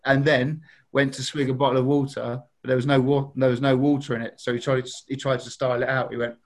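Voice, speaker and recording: A chatty Englishman, a podcast guest, tells celebrity anecdotes at a middle pitch and a steady pace. He laughs often and acts out the voices of the people in his stories. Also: fast. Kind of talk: casual anecdote telling.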